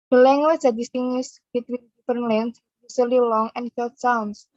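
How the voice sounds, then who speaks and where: A woman student with an Indonesian accent reading a class presentation in a flat, steady voice. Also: fairly high pitch, dry recording. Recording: dry, dull lo-fi mic.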